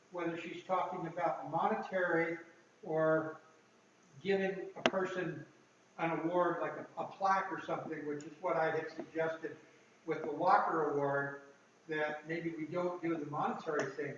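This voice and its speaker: Male board member, muffled by a mask, distant echoey room, a bit high-pitched. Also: steady tone, a bit bright, slight background noise. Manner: muffled, speaking through a mask; halting, repeats words. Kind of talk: meeting discussion.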